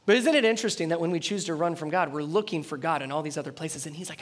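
A high-pitched man delivers a lively sermon from the pulpit. He reads scripture aloud and breaks off to comment, swinging from loud, forceful emphasis to soft, earnest closing appeals. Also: very fast, few pauses. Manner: animated, acts out dialogue, swings between loud emphasis and quiet intensity. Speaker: preacher.

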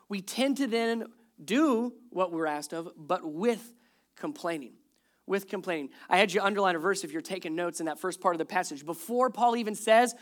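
A man in his thirties preaching a sermon as pastor, speaking conversationally, with wry humor and repeated emphasis on key words. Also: high-pitched.

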